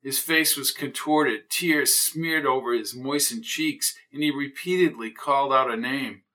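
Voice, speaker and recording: A man narrating a mystery audiobook in a measured, steady storytelling manner. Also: medium pitch.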